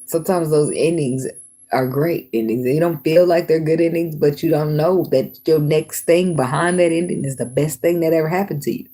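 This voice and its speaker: A woman with a husky, breathy voice talks through a tarot reading in a loose, casual way. She is blunt and swears freely, laughing between her points. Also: deep voice, moderate pace, dark tone. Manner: blunt, profane and laughing often. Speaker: tarot reader.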